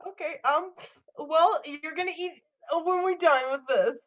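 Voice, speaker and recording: A woman takes part in a tabletop game session with a high voice. She chats loosely, tossing in jokes, and her microphone sounds a little muffled and lo-fi. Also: normal speed, a bit bright. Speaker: player. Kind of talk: casual tabletop game chat.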